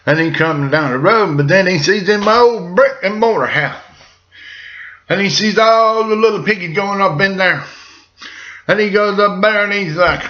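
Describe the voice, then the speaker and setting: A man's voice: sits high, moderate pace, sharp tone, lo-fi sound. A man ad-libbing a bedtime story in a folksy, rambling way full of jokey asides.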